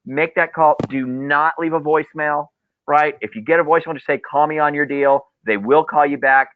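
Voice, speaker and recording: Animated storytelling man on a tinny line. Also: fairly high pitch, brisk, no echo. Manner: animated storyteller, repeats key phrases. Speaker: mortgage loan officer presenter. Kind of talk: webinar sales coaching talk. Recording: tinny dry phone-like line.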